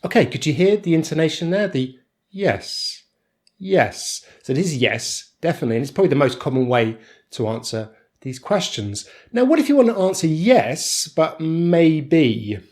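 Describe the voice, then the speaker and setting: A man with a British accent teaching an online pronunciation lesson, explaining clearly and deliberately with exaggerated rises and falls in his voice. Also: on the high side, very animated, darkish tone. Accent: British English.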